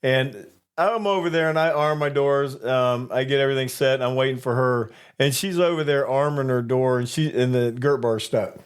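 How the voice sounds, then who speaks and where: Male co-host, middle-pitched voice, animated storyteller who laughs often. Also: normal speed, clear, resonant tone. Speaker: podcast co-host, flight attendant. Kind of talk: casual storytelling chat.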